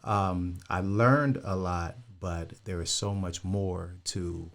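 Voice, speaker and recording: An older man from California, a guest telling his story in a relaxed, rambling way with many fillers. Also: low-pitched, slow, creaky. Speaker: guest, insurance broker. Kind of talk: casual interview chat.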